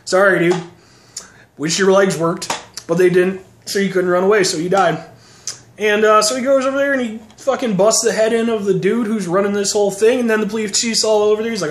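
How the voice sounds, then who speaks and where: A man's voice: sits high, steady tone, a little fast. A man sarcastically recapping action movies in a casual, profane, rambling way. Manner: sarcastic, profane, mocking voices. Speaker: movie reviewer. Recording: echoey room, faint noise.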